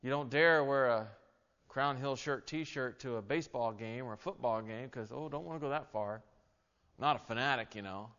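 Bright, clear-voiced male pastor preaching. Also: mid-range voice, moderate pace. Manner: builds from quiet reading to loud, emphatic preaching. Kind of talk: sermon. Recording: echoey, slightly dull hall recording.

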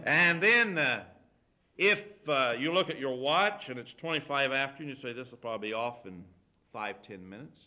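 A middle-aged preacher with a bright, forceful tone talks in a homespun, storytelling way. He slips into little acted-out exchanges while giving practical advice from the pulpit. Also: mid-range voice, expressive, normal speed, long pauses. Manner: folksy, anecdotal, acts out quoted dialogue. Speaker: pastor teaching visitation. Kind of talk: folksy sermon talk.

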